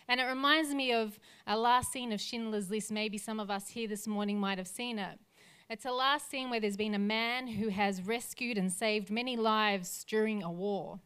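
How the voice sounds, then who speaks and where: A woman's voice: fairly high pitch, normal speed, a bit bright, clear, resonant tone. A woman pastor preaching a sermon in an earnest voice, building lists of phrases toward a rousing close. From Australia.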